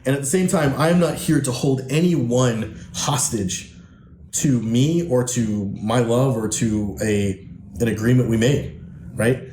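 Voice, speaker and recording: A man's voice: mid-range voice, measured pace, darkish tone. A man hosting a podcast, speaking bluntly and emphatically with frequent profanity, coaching men in a preachy way. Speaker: podcast host and men's coach. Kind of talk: podcast monologue. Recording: echoey room, faint noise.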